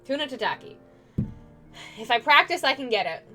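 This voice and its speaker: An American woman, a young adult, streaming as a digital artist and chatting casually with viewers, playful and quick to laugh, often restarting her sentences. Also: high voice, animated, sharp tone, soft background music. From United States.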